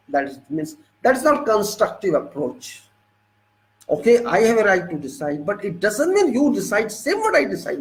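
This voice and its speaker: A man with an Indian English accent, lecturing about engineering work. He speaks in a high voice and drives his points home with forceful repetition. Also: big pitch swings, normal speed, poor audio. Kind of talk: lecture-style monologue.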